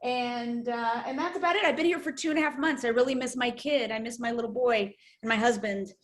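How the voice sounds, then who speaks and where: A woman actress chatting on a video call, playful and animated. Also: a little high, a little fast. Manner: playful, animated, does silly voices. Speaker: guest, actress. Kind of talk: casual video-call chat.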